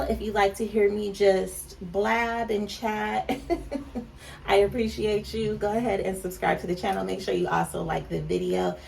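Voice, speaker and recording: A California woman in her thirties, a vlogger who owns a clothing brand, chats candidly while doing her makeup, calling viewers "child", "baby" and "honey". Her mid-range voice has vocal fry and a darkish tone, and the mic sits slightly distant with faint background noise.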